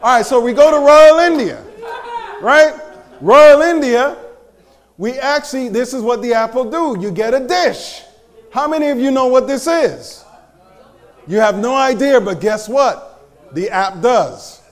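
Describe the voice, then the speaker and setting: A man giving a live talk to an audience, animated and joking, teasing the crowd as he goes. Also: very high voice, a little slow. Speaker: speaker presenting to an audience.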